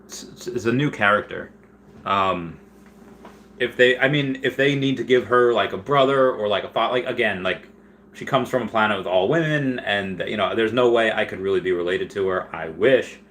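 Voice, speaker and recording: A man's voice: lowish voice, moderate pace, a bit bright, slight background noise. A man hosting a casual live stream, reading chat questions aloud and rambling through answers with frequent restarts.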